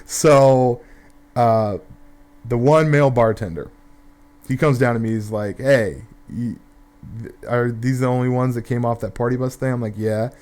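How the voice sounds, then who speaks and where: A man's voice: medium pitch, measured pace, darkish tone. A young man telling a rambling, profane story in casual gameplay commentary, full of fillers and restarts.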